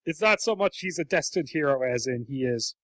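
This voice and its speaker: A man's voice: a little high, animated, fairly quick, a bit bright, no echo. A man co-hosting a podcast, chatting casually and acting out quotes in comic voices. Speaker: podcast co-host.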